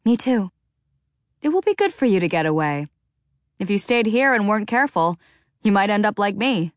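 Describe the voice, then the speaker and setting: A woman's voice: mid-range voice, sing-song, moderate pace, dry recording, clean studio sound, voice pushed up, close to an everyday voice. A woman voicing a stressed, harsh middle-aged mother who speaks in a tense, clipped way, in an audiobook. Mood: regretful.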